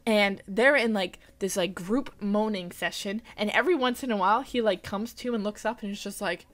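A young woman giving an animated, casual movie recap, full of "like" and blunt, incredulous asides. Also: medium pitch, normal speed. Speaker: vlogger.

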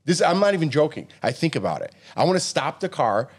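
A man co-hosting a casual podcast, his voice sitting somewhat high and swinging a lot in pitch. He rants freely and acts out imagined exchanges with strangers, often tagging lines with "you know what I mean.". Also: sing-song, fast talker, husky. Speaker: podcast co-host. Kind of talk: casual chat.

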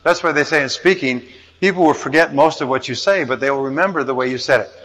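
A man giving a self-help talk as a motivational speaker, measured and explanatory, leaning on key words. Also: mid-range voice, fairly bright tone.

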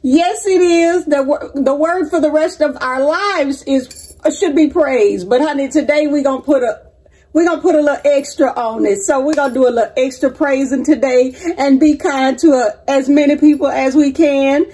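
A woman's voice: high voice, normal speed, warm tone. A woman hosting a casual vlog, upbeat and uplifting, calling her viewers honey and sweetheart and cheering them on with faith-filled encouragement. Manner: sprinkles speech with endearments like honey and sweetheart. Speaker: vlog host.

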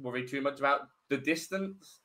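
A man narrating a tabletop game as game master, relaxed and often laughing. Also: medium pitch, normal speed. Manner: relaxed, laughing, many fillers.

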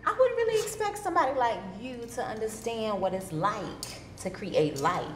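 A woman's voice: a little high, animated, moderate pace, close to an everyday voice. An actress playing a smug young expectant mother who talks in slangy, self-satisfied tones. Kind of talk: film drama acting. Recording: echoey hall with noise.

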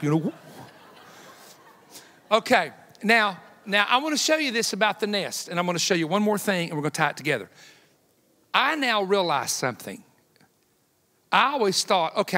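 Bright-voiced man preaching in an echoing church. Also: high-pitched. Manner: folksy, joking, builds to loud emphatic peaks. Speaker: guest evangelist. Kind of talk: sermon with humorous personal stories. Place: church sanctuary. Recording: long hall reverb in a church.

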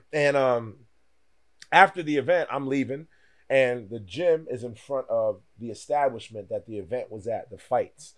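A man in his thirties telling a story casually on a podcast, animated and acting out other people's lines. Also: medium pitch, a little slow. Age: 30s. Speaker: podcast host and fighter.

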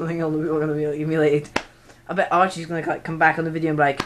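A man's voice: fairly high pitch, level tone, very fast, slight background noise. Giggly scatterbrained teen boy. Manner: giggly, scatterbrained, self-mocking. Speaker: vlogger. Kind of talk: casual rambling vlog. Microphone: iPod recording.

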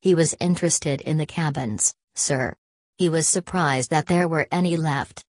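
A woman's voice: sits low, normal speed, a little mellow, no echo. A woman reading the part of a nervous young male college student who answers deferentially and pleads. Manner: deferential, pleading, says sir often.

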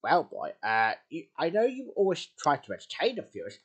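A man voicing a gruff, stern bear father who scolds his son. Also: fairly high pitch, huge pitch swings, a little fast, a bit bright, heavily acted.

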